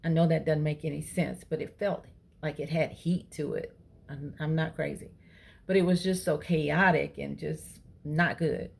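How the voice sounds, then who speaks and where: A woman, chatting to her viewers and retelling an everyday encounter with lively quoted dialogue. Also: sits low, normal speed, creaky. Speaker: vlogger. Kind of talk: casual storytelling to camera.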